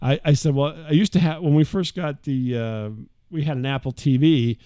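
A middle-aged man co-hosting a podcast, telling a story in a lively, casual way and mimicking the voices of others. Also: a little high, moderate pace, clean tone, no echo, studio quality. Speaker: podcast co-host. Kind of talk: casual chat.

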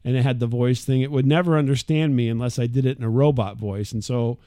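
A middle-aged man co-hosting a podcast, telling a story in a lively, casual way and mimicking the voices of others. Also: mid-range voice, fast. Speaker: podcast co-host. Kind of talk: casual chat.

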